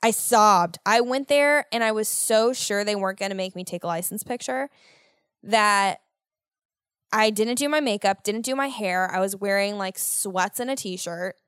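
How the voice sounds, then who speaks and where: A young American woman hosting a podcast, telling a story in a casual, animated way with lots of swearing and exasperated ranting. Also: mid-range voice, normal speed, clean tone, dry recording, studio quality. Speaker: podcast host.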